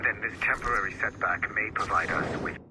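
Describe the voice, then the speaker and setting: A man's voice: on the low side, fairly quick, lightly acted. A man playing a curt corporate commander. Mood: commanding. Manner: curt, authoritative. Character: cold, commanding male corporate official. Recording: game audio with ambient noise.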